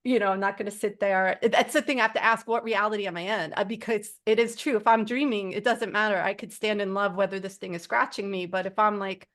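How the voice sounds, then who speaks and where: A woman telling spiritual stories in a loose, rambling way, with "like" dropped into nearly every sentence. She speaks earnestly, at a middle pitch, in a relaxed group-sharing tone. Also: fast, few pauses. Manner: rambling, heavy use of "like" fillers. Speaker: support group member.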